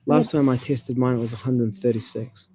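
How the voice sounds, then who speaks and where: A man, chatting casually about language and reading passages aloud with halting restarts. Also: medium pitch, fairly even intonation, warm tone, a little hiss or hum.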